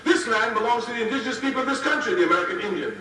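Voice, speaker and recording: A man's voice: very high voice, expressive, very fast. A man in his fifties giving a political speech to students, emphatic and repeating key phrases for effect. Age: 50s. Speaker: speaker addressing students. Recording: roomy, distant archive recording with faint hiss.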